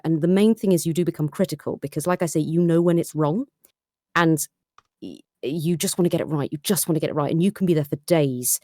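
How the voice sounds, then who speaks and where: A British voice actress chats at speed from her home recording setup, critical of her own work. Her voice sits low for a woman and sounds dry and close-miked. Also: dark tone, dry recording. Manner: fast-talking, self-critical. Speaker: voice actor. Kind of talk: casual chat. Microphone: home recording setup with headphones.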